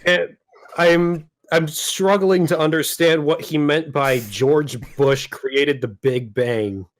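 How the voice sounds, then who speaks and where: A man with a fairly high voice trades loose, foul-mouthed banter on a podcast. He breaks into laughter often and keeps the talk easygoing and irreverent. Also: steady tone, slow pace. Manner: laughs often, swears freely. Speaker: podcast co-host. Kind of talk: casual banter.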